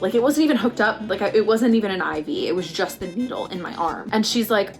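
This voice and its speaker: A pregnant young woman vlogging, telling a story casually and acting out quotes with big jumps in pitch. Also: expressive, brisk, hardly any pauses, faint music behind.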